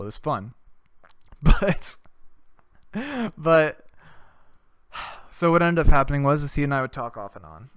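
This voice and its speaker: Animated young man telling stories. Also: a little high, smooth, dry recording, studio quality. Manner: animated, swears a lot, laughs at his own stories. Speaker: podcast host. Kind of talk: casual storytelling monologue.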